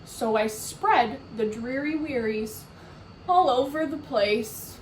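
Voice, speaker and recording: A mopey male fish from a storybook, sulky and dramatic in a drawn-out sing-song, as a woman puts him on. The voice sits fairly high and unhurried. It echoes in a room, caught from a distance. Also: lively intonation, slight background noise. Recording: roomy echo from far off.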